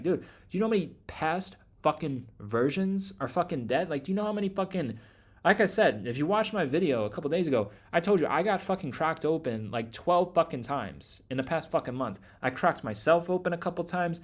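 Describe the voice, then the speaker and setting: A man's voice: a little high, animated, fairly quick. Intense swearing man on a rant. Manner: intense, swearing constantly, repetitive. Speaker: trading channel host. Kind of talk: profane motivational rant.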